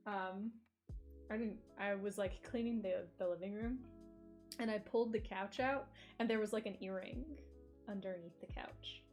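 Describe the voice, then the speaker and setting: A woman's voice: mid-range voice, steady tone, moderate pace, darkish tone, soft background music. A woman streamer chatting casually, telling a story with frequent laughter. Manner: giggly storytelling, laughs often. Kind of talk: casual chat.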